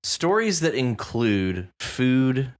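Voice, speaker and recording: A woman's voice: rumbling low, extremely slow. A woman co-hosting a podcast, chatting casually and jokingly about a story, playing with words. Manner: animated, joking, playful with words. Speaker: podcast co-host.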